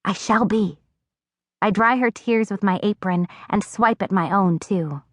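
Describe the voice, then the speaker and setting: A woman narrating a first-person audiobook in an expressive storytelling voice, recorded on a close studio mic. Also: medium pitch, moderate pace, no room sound. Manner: expressive, acting out dialogue.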